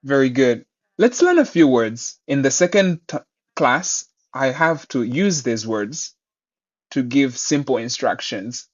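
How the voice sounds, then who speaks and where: A man teaching Mandarin pronunciation, saying each word twice and explaining it clearly. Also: mid-range voice, lively intonation, a little slow, dull audio. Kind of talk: pronunciation lesson.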